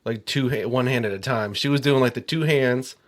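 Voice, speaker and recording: A relaxed young man co-hosting a casual movie podcast, his sentences full of "like." His voice sits at a medium pitch, and he talks easily and informally. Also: brisk. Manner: relaxed, filler-heavy with constant "like". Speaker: podcast co-host.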